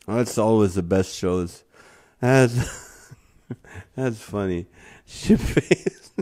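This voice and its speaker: Slow-talking man laughing through comments. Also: fairly low pitch, darkish tone. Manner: laughs often while reading; slow, drawn-out delivery. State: laughing to tears. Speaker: live stream host. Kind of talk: reading viewer comments aloud.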